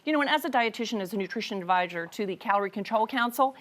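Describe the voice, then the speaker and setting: A woman's voice: mid-range voice, lively intonation, very fast, fairly bright tone. A woman demonstrating recipes as a dietitian guest in a chatty, upbeat TV cooking segment.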